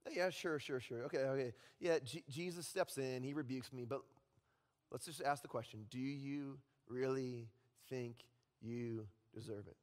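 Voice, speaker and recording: A man voicing a sly male devil who mocks and accuses in a low murmur. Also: moderate pace, natural voice. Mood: taunting. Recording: long reverb in a large hall.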